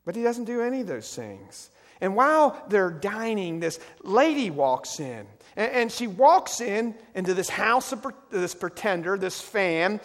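Slightly high-voiced pastor preaching in a reverberant hall. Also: male voice, sing-song, unhurried. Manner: storytelling with wide swings from loud emphasis to hushed, soft delivery. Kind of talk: sermon. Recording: long reverb of a large hall.

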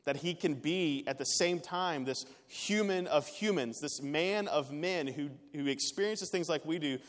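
A man's voice: fairly high pitch, unhurried. Preaching man in an echoing hall. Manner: earnest, builds to emphatic peaks then drops quiet. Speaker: pastor. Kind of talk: sermon. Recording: long reverb of a large hall.

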